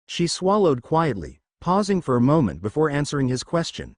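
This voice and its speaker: Male narrator, fan fiction audiobook, steady storytelling, lively pitch, dry close sound. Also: moderate pace, hardly any pauses, no echo.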